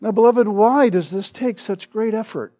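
A male pastor preaching a sermon with emphatic stress on repeated words, often tagging his points with a quick "right?". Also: high-pitched, warm tone. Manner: peppers points with "right?" tag questions.

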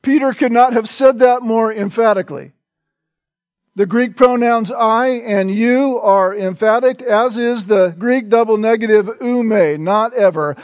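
A male pastor with a very high-pitched voice preaches a sermon slowly and deliberately, repeating short phrases for emphasis. There's no echo in the recording.

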